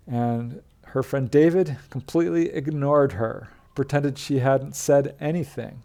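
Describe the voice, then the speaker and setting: A man telling a witness's UFO encounter in a plain, conversational storytelling way, pausing with the odd filler. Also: mid-range voice, dark tone. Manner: plain retelling with fillers, quoting witnesses in his own voice. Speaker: narrator of UFO encounter stories. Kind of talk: storytelling narration.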